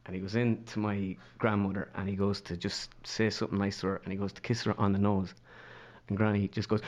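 A young Irish man, a podcast guest, telling a funny story in a loose, animated way and putting on voices of the people in it. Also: fairly low pitch, fairly quick, muffled recording, very noisy. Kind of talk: casual storytelling chat.

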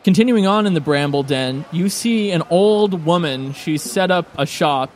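A man narrating as game master in a tabletop game, relaxed and quick to laugh. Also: fairly high pitch, a little hiss or hum.

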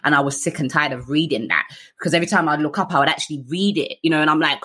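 A woman's voice: low voice, quick pace. Chatty woman telling her story. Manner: chatty, frequent fillers, animated quoting, laughs at herself. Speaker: guest. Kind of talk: candid personal storytelling.

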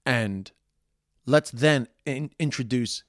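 A man's voice: medium pitch, slow, a bit bright, no echo, studio quality. An Irish man in his forties giving a rambling, emphatic podcast monologue, swearing freely. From Ireland. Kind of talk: casual monologue.

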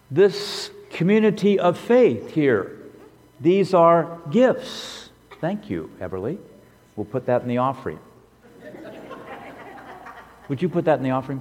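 Slow-talking pastor in a reverberant church. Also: male voice, a little high, sing-song. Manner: gentle, unhurried and conversational. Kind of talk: children's sermon and worship leading. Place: church sanctuary. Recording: long reverb of a church hall.

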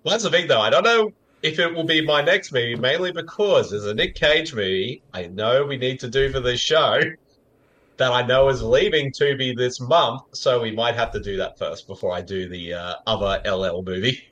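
A man's voice: medium pitch, moderate pace, a bit bright. A man co-hosting a casual movie podcast, chatty and playful. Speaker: podcast co-host.

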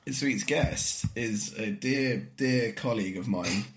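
A man's voice: lowish voice, slow, a little hiss or hum. A man co-hosting a podcast, joking dryly in casual chat over a video call. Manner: dry, joking. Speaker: podcast co-host.

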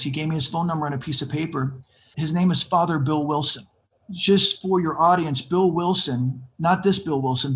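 A man in his fifties, with a voice on the high side, tells his recovery story as a guest in an interview, acting out the voices of the people he quotes.

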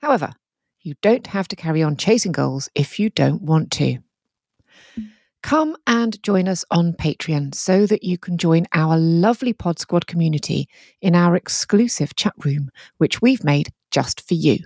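Chatting casually as a podcast host, this woman tells stories and laughs frequently in a giggly way. Her fairly low, expressive voice moves at a measured pace and sounds a little mellow and slightly rough. The sound is clean studio audio with no room sound.

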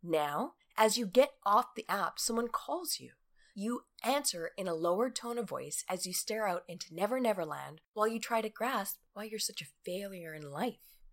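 A woman giving a blunt, profane motivational talk straight to the listener, acting out everyday scenes with quick quoted voices. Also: mid-range voice, expressive, a bit bright.

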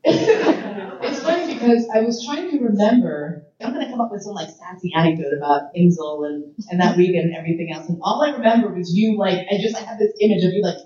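A woman speaking as featured guest at a conference Q&A, telling stories in a casual, profane, animated way. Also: medium pitch, brisk. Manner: profane, animated storyteller with frequent laughs. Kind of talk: casual storytelling Q&A. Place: event room at a conference. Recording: echoey room from far off, dull and noisy.

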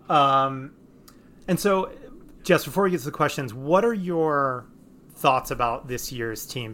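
A man's voice: mid-range voice, pushed and bright. Man, podcast host, casual rambling chat, lots of restarts. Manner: rambling, with many restarts and fillers.

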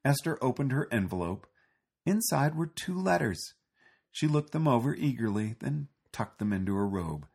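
A man reading a storybook aloud with expressive, animated narration. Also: medium pitch, moderate pace, vocal fry, husky.

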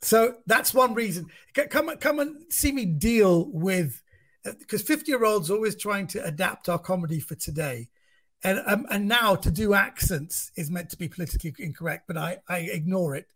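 Husky London man in his fifties, animated. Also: high voice, moderate pace. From central London. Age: 50s. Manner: animated storytelling with many restarts. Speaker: comedian guest. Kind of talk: casual chat.

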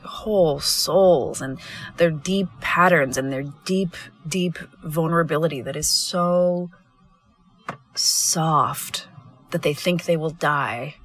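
A woman with a notably low voice, hosting her own podcast as a coach. She talks earnestly and candidly, pausing and restarting as she reflects. She is sitting in a car pulled over at the roadside. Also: a bit bright. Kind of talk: reflective personal monologue.

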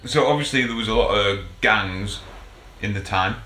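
A man's voice: lowish voice, moderate pace, echoey room, loud music behind the voice. A man chatting casually as a podcast co-host, jokey and rambling, tripping over his words. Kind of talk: casual banter.

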